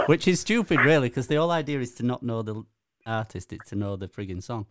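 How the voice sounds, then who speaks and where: A man's voice: mid-range voice, expressive, fast talker. A man with a Yorkshire accent co-hosting a podcast, playful in casual chat. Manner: playful, sings song lines in a game. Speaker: podcast co-host.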